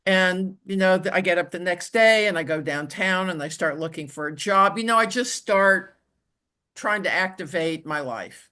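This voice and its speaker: A woman telling her own story as an interview guest, in a halting way with frequent restarts and "you know". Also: on the low side, pushed and bright. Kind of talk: conversational personal storytelling.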